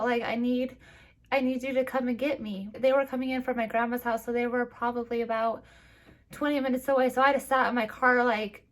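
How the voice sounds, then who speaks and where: A young woman vlogger, teary, telling a personal story in a halting way with many restarts. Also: on the high side, fairly bright tone.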